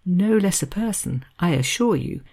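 A woman reading aloud gives us a fawning master of ceremonies, all flattery and self-importance. He sits a little higher than the reader's own deep, mellow, gravelly tone, with a breathy huskiness throughout. It is a classic novel brought to life by one reader. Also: normal speed. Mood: gushing. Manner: effusive, flattering.

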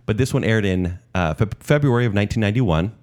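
A man in his forties co-hosting a casual podcast chat, playful and quick to slip into announcer impressions. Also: lowish voice, lively intonation, darkish tone. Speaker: podcast co-host.

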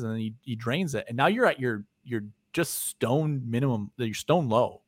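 A man co-hosting a podcast, telling a story in casual chat, animated and swearing freely, often trailing off quietly at the ends of phrases. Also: medium pitch, normal speed, no room sound, clean studio sound. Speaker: podcast co-host.

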